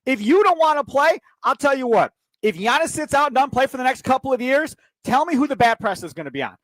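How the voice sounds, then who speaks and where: A man's voice: very high-pitched, very animated, fast talker, a bit bright, no room sound, low-quality recording. A man hosting sports talk radio, ranting in heated, emphatic bursts into a studio mic.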